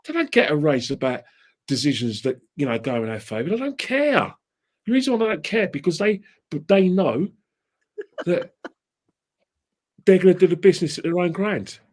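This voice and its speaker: A man, a podcast guest in casual chat who rants and mocks rival fans in an animated way. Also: mid-range voice. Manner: ranting, mocking, animated.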